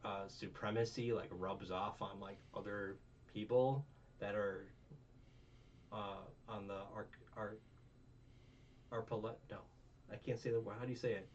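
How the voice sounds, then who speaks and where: A man's voice: lowish voice, fairly even intonation, unhurried, pauses often. A young man hosting a casual review podcast, rambling, swearing and retelling scenes. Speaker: podcast host. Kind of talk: casual anime review chat. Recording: distant muffled mic, faint hum.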